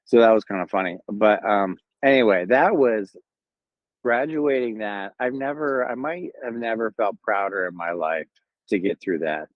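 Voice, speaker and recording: A low-pitched man with a Southern Californian accent talks through his memories in a loose, rambling way, pausing on fillers and restarting his sentences. The sound is dry and close, with a slightly dull, lo-fi tone. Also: no room sound. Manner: rambling, laid-back, many fillers and restarts. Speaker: Marine Corps veteran telling his story. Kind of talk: casual first-person storytelling.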